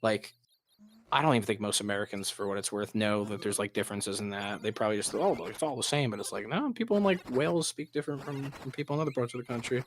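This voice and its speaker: A man's voice: fairly low pitch, quick pace, a little hiss or hum. A man hosting a livestream, chatting casually and rambling with lots of fillers. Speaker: streamer host. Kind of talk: casual chat.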